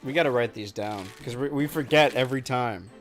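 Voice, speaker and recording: A man of ordinary pitch chats through a live gameplay stream, rambling and goofy, tossing out jokey asides as he plays. He talks from a room at home, with faint music playing under his voice. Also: a little fast. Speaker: game streamer. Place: home room with a low ceiling and bright ceiling lights.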